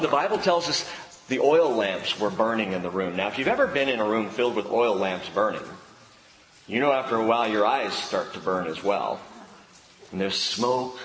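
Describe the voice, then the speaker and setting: Man, pastor, preaching in a church hall. Animated, drops to hushed emphasis. Roomy reverb, faint ambience. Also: medium pitch, moderate pace, noisy background. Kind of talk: sermon.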